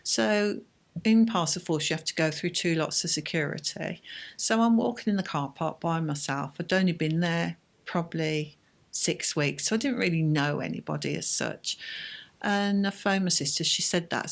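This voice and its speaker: Woman, halting emotional telling. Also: fairly low pitch, gravelly. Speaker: bereaved mother, interview guest. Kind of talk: personal account in an interview.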